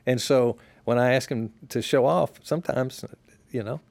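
A man, a pastor, talking as a podcast guest in a relaxed, reflective way, sharing stories unhurriedly and often restarting his sentences. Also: medium pitch, moderate pace, vocal fry, no echo. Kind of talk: relaxed conversational storytelling.

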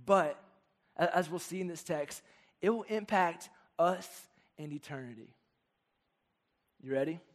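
A man in his thirties preaching a sermon to young people, telling funny personal stories in an animated way. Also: high-pitched. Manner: animated storytelling with jokes. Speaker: youth pastor.

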